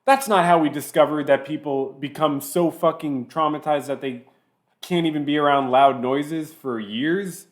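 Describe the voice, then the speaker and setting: A man commentating on a video he is watching, mocking it sarcastically and stopping it to make his points. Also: fairly high pitch. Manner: sarcastic, pausing the clip to mock it. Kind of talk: reaction commentary.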